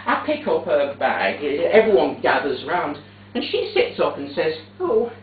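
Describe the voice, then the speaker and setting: A man performing a theatrical monologue on stage, telling the story in a fussy, prim, deadpan way. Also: a little high, a little slow, a little hiss or hum. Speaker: stage actor. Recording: echoey theatre, distant tinny capture.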